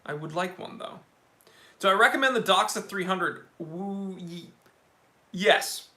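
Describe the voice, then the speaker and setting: A young man hosting a watch channel live stream, chatting casually and excitedly reading out viewer comments. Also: high voice, a little slow.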